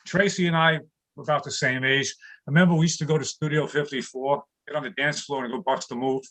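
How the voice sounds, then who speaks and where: An older man in his sixties, from New York City, works through a stand-up set on a video call from his home studio. His voice sits a touch high for a man, and he laughs along at his own punchlines. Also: fairly even intonation, quick pace, fairly bright tone. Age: 60s. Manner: punchline-driven, chuckles at own jokes. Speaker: stand-up comedian.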